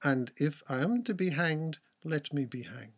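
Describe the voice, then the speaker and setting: A poor, bitterly plain fisherman, as a man reads him answers without hurry. His husky, slightly high voice stays flat and patient. He will not be moved. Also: unhurried, exaggerated voice. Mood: steady. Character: poor, ugly male fisherman, calm and stubborn.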